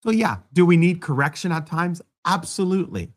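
A man delivers a sermon in the easy, conversational style of a pastor talking to his congregation. His voice sits a little high for a man, and he often slips in gentle humor at his own expense. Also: fairly quick. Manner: conversational preaching with self-deprecating humor.

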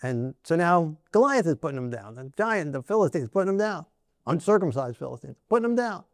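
A male preacher with a fairly high voice talks through scripture in a loose, chatty way, often tossing out "right?" to his listeners. The sound is dry and close, with no room echo around it. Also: expressive, a little fast. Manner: conversational, keeps asking "right?" with laughs. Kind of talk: sermon.

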